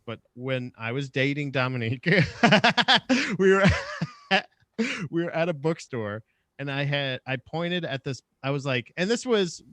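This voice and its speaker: A man's voice: on the high side, fairly bright tone, dry recording. A man co-hosting a podcast, trading crude, self-mocking banter in a casual chat. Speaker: podcast co-host.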